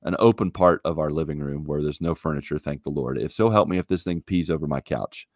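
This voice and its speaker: A man co-hosting a casual podcast chat, telling a story in an animated, exasperated way into a podcast mic. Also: a bass voice, fairly quick, dry recording, studio quality. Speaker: podcast co-host.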